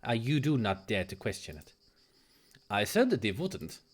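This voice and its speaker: A man voicing a composed Victorian woman telling a dreadful story, in a low, hushed and measured tone while reading game dialogue aloud. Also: very animated.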